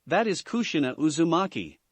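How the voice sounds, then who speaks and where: A man's voice: on the high side, animated, brisk, breathy edge, no room sound. A man reading as the Raikage, a stern commander. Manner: commanding, snapping. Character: stern commanding male warlord.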